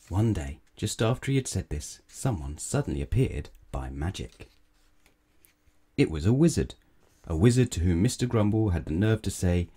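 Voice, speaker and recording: A man narrating a children's bedtime storybook, gentle and measured. His voice is low and mellow, unhurried as he reads.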